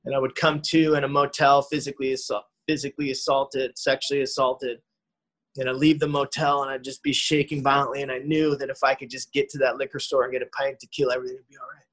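A man's voice: medium pitch, level tone, quick pace, a bit bright, poor audio. Earnest man telling his recovery story. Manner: earnest, conversational, with frequent "man" and "you know". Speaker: speaker sharing a recovery story. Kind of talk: recovery talk testimony.

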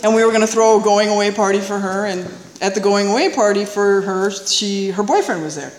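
A woman tells her recovery story to a live audience, animated and confiding, often laughing and asking "right?". Her voice carries a long, roomy reverb from a large hall. A faint noise sits under it. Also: medium pitch, brisk. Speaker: speaker sharing a recovery story.

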